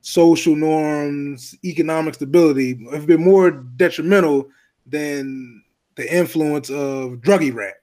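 A man's voice: on the high side, a little slow, dark tone. A man co-hosting a casual podcast, laid-back, with lots of fillers and joking asides. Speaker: podcast co-host.

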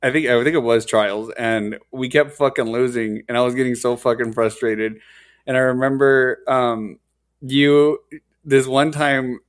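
Animated young man swearing through a story. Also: mid-range voice. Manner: animated, profane, says dude and hella. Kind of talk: casual storytelling chat.

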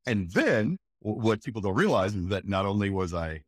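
A man, a voice actor, telling stories in an animated, emphatic way during an interview. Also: on the low side, moderate pace, no echo, studio quality. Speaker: voice actor guest. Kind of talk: enthusiastic interview chat.

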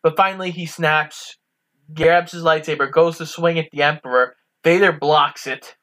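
Male co-host, fairly high voice, relaxed and agreeable, walks through film scenes. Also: normal speed. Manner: easygoing, agreeable, recaps scenes. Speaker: podcast co-host. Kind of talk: casual film-rewatch chat.

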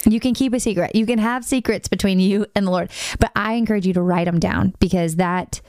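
A woman hosting a casual faith conversation, telling a story earnestly with quick asides. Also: medium pitch, a little mellow, no echo, clean studio sound.

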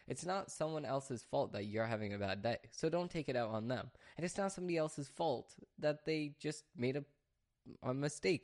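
A man's voice: mid-range voice, darkish tone. A man who works at a restaurant, talking casually with many fillers and restarts, venting in an exasperated rant. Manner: rambling, frequent fillers and restarts. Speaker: restaurant worker. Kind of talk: casual talk to camera.

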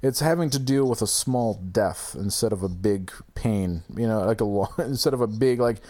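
A man's voice: on the low side, moderate pace, mellow. Rambling, cursing man telling a story. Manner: rambling, profane, laughing storyteller with restarts. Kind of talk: casual chat.

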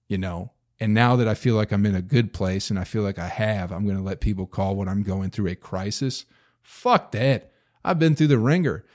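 With a voice on the low side and a darkish tone, this thirtysomething podcast host rambles alone through a story. He rants casually, using profanity, rhetorical questions and sudden emphasis.

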